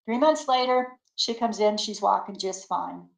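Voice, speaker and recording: An older woman spins homey anecdotes with gusto, her voice mid-pitched and lively as she acts out what everyone said. She laughs easily between lines. The sound carries the echo of a bare room. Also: unhurried, creaky. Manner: animated storyteller acting out quotes, laughing often. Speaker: guest. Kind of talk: casual storytelling interview.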